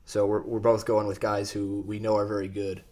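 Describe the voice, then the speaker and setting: A man with a slightly low voice co-hosts a casual sports talk show. He trades quick, jokey banter and often restarts his sentences as he lays out his takes. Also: monotone, warm tone.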